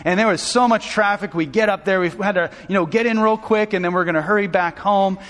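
A man with a high, fairly bright voice preaches briskly as a pastor, telling an emotional personal story and restarting phrases as his intensity grows. He's from Southern California, and this sermon storytelling echoes with long hall reverb.

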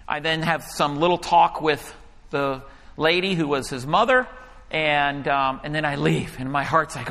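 A male pastor preaching a sermon and telling a story, animated at times and hushed when he quotes a prayer. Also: fairly high pitch, unhurried, vocal fry. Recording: hall reverb.

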